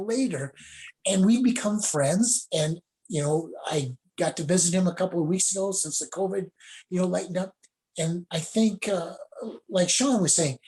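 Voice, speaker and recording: A man's voice: on the high side, darkish tone. A middle-aged man, a judo sensei, telling rambling stories casually on a video call. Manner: rambling anecdotes with laughs and acted quotes.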